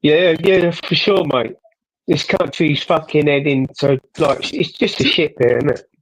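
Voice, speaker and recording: A man in a casual chat, agreeing often and cutting in with quick questions. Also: fairly high pitch, slight background noise, low-quality recording.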